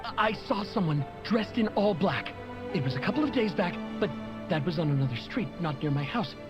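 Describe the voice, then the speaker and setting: A woman's voice: fairly low pitch, lively intonation, a little fast, dull audio, music in the background, lightly acted. A woman playing a frightened pleading woman. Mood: anxious pleading. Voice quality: anxious, insistent.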